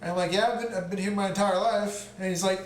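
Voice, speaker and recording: A man's voice: high-pitched, fairly even intonation, fast talker. A young man from Oklahoma, hosting a casual podcast chat, rambling with many restarts. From Oklahoma, USA. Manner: rambling, lots of restarts and likes. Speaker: podcast host. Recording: echoey room, mic at a distance, faint noise.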